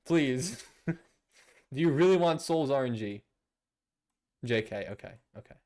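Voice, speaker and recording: Animated young male streamer. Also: medium pitch, takes it slowly. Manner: animated, laughing often, playfully indignant. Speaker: streamer reading viewer messages. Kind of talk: casual livestream chat.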